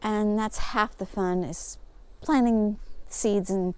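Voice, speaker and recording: A woman's voice: medium pitch, steady tone, takes it slowly, smooth. A woman vlogging outdoors in her farmyard, explaining her chores in a casual, easygoing way as she goes. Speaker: homesteading vlogger. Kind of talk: casual walk-and-talk narration.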